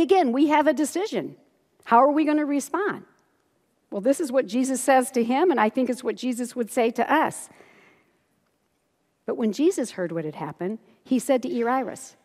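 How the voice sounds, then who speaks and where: A middle-aged woman pastor delivers a sermon in a fairly high voice, acting out quoted lines and laughing often as she tells the story. Her voice rings with the long reverb of a large church hall. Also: darkish tone.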